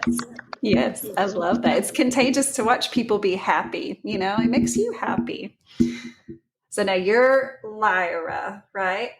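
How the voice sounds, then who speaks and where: A woman's voice: medium pitch, measured pace, a little hiss or hum, low-quality recording. A woman with a Southern US accent, hosting a podcast in chatty, casual conversation and laughing often. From Texas. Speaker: podcast host. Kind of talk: casual chat.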